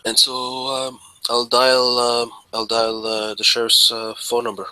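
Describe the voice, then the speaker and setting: A man playing in a tabletop role-playing game, halting and full of fillers. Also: medium pitch, monotone, sharp tone, dry recording, rough recording. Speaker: player.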